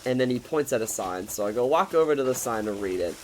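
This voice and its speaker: A man's voice: mid-range voice, expressive, quick pace, a little hiss or hum, rough recording. A man in his twenties telling a rambling, profane storytime in a casual, joking way. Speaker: vlogger.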